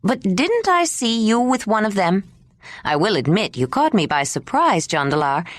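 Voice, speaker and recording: A woman's voice: medium pitch, big pitch swings, moderate pace, dry recording, studio quality, natural voice. A woman narrator voicing a shrewd, muscular head woman who asks probing questions.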